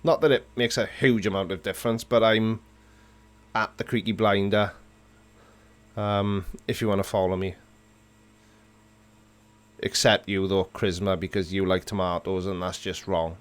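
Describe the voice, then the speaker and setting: A man hosts a relaxed live chat, reading out viewers' comments and answering them with playful teasing and mock disgust. His voice sits fairly low, and he takes his time between words. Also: a little slow, long pauses. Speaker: livestream host.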